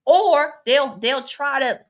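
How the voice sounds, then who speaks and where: A woman's voice: high voice, slow pace. A woman co-hosting a casual podcast, reading chat comments and laughing as she acts out quoted voices.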